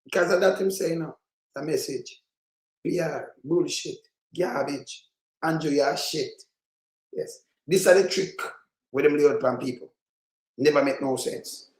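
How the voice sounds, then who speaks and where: A high-pitched man with a thick Jamaican Patois accent rants at political clips, cursing and scolding without a pause. His voice rings out in an echoey room. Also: dark tone. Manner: heated, profane, scolding rant. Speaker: political commentator. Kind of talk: reaction commentary on played clips.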